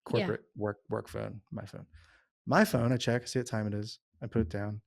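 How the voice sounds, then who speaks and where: A middle-aged man on a podcast, telling a story in casual, profane, animated chat. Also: on the low side, normal speed, gravelly. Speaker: podcast co-host.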